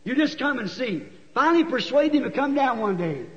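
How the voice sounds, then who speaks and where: Folksy preacher, a man with a very high voice, storytelling that climbs to shouts, dull old recording. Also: very animated, brisk. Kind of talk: sermon. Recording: dull recording with long hall echo.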